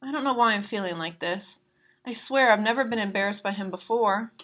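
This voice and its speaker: A woman's voice: mid-range voice, a little fast, a bit bright, lightly acted. A woman reading aloud the lines of a tearful, defensive teenage girl in a novel.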